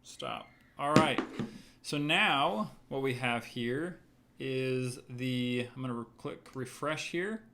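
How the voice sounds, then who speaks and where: A man's voice: mid-range voice, takes it slowly, vocal fry, sharp tone, slight background noise. A man hosting a casual livestream as a writer, reading viewer comments aloud and reacting to them.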